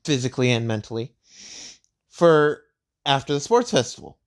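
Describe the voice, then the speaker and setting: A man casually retelling a fan story in a rambling, halting way, searching for words. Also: medium pitch, sing-song. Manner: rambling, halting, with many fillers and restarts.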